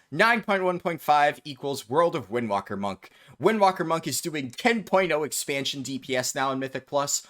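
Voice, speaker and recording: A man's voice: on the high side, a bit bright. A man hosting a gaming video, giving blunt, sarcastic commentary on forum posts.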